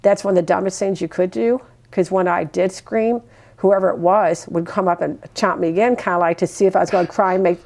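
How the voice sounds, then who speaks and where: Older mom chatting away in an interview, gravelly edge, acts out talking to her kids. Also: lowish voice, steady tone, brisk, darkish tone. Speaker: mother being interviewed. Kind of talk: casual sit-down interview.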